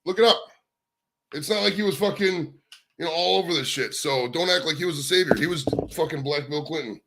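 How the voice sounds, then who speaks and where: A man's voice: on the high side, brisk, creaky, very noisy. A man hosting a livestream from home, rambling casually and swearing freely as he gives blunt opinions. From United States. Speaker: livestream host. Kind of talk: casual rambling stream chat. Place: his home.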